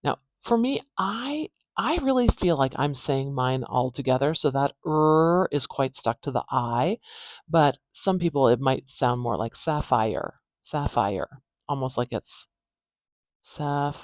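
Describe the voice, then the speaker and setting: A woman teaching pronunciation in a phonetics tutorial, patiently repeating words slowly to demonstrate their sounds. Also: low-pitched, expressive, darkish tone, dry recording.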